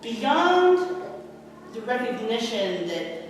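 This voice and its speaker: A woman pastor giving a sermon in an animated way, acting out the scripture quotes and laughing often. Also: a little high, very slow, slight background noise. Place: church sanctuary. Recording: echoey church hall from far off.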